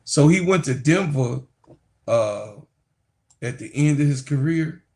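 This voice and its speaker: A man's voice: medium pitch, expressive, a little slow, creaky, darkish tone. A man casually telling rambling stories to his viewers on a livestream, laughing often and calling them y'all. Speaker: sports YouTuber talking to viewers.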